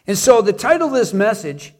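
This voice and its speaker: A man's voice: high voice, sing-song, fairly quick, darkish tone. A middle-aged man preaching a sermon as pastor, talking to his congregation in a conversational way with rhetorical questions and repetition.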